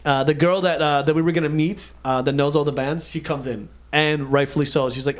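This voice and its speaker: A man's voice: on the high side, fairly quick. A man co-hosting a casual podcast, telling a story with lots of swearing and acted-out quotes. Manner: animated, acts out quotes, swears a lot. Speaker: podcast co-host.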